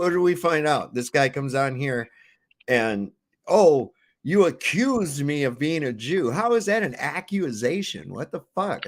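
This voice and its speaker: Sarcastic ranting male stream host. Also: mid-range voice. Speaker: livestream host. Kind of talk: profane commentary on clips.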